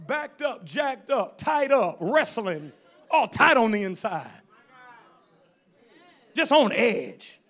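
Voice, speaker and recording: A man preaching a sermon as pastor, folksy and fiery, at times rising to shouts. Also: extremely high pitch, sing-song, takes it slowly, pauses often.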